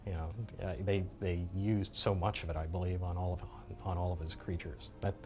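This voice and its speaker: A man's voice: sits low, level tone, a little fast, darkish tone, slight background noise. A man recalling work on a film in an interview, hesitant and full of restarts. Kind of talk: anecdotal interview.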